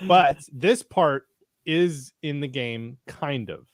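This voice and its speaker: A man's voice: a little high, slow pace, no echo, clean studio sound. A man co-hosting a podcast in casual chat, rambling and swearing freely, often trailing off into fillers. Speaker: podcast co-host.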